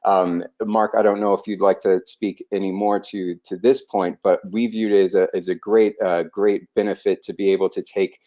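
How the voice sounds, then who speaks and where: Man, very low pitch, webinar presenter, halting, muffled online audio. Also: little pitch movement, warm tone. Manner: hesitant, many fillers and restarts. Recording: dull lo-fi online call audio.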